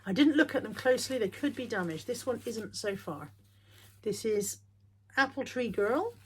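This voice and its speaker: A middle-aged woman chatting casually as she shows off her bargain finds, wry and thinking out loud. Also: on the high side, lively intonation, normal speed, breathy edge. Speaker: reseller showing bargain finds.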